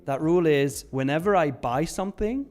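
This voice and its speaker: A man's voice: a little high, animated, moderate pace, darkish tone, soft background music. A young man hosting a live trading stream in casual chat, reading viewer questions aloud and answering them. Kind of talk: casual live market commentary.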